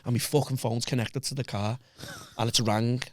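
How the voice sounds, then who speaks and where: A man's voice: medium pitch, fairly even intonation, moderate pace, no echo, clean studio sound. A man with a Liverpool accent, a podcast guest telling a story in casual chat, swearing constantly and acting out the voices of people he quotes.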